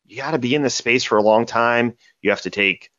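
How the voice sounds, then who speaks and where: A cybersecurity company guest on a podcast gives interview answers as animated stories, punctuating points with "right?". His medium-pitched voice is brisk and a bit bright with no room sound, on dull, dry lo-fi audio.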